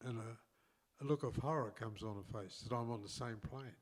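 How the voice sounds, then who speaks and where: A man's voice: mid-range voice, normal speed. Older Australian man spinning rambling yarns. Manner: rambling anecdotes with many restarts and chuckles. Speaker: co-host telling stories. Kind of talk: casual storytelling chat.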